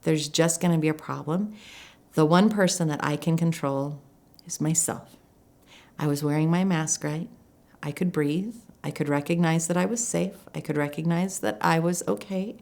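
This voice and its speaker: A woman life coach telling a personal story in a reflective, earnest way, slowing down to stress her points. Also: low voice, gravelly, a little mellow. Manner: reflective, earnest, slows down for emphasis.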